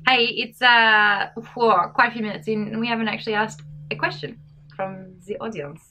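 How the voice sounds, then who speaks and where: A woman's voice: on the high side, normal speed, pushed and bright, a little hiss or hum. A woman co-hosting a podcast, chatting casually, rambling and laughing as she loses her words. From Australia. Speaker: podcast co-host. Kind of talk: casual chat.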